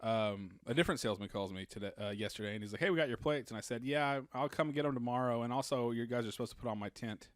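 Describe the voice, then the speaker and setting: A man's voice: mid-range voice, quick pace, few pauses, no room sound. Dry-miked man telling a rambling story. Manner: rambling anecdotes, acts out the people he quotes. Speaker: podcast co-host. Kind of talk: casual storytelling chat.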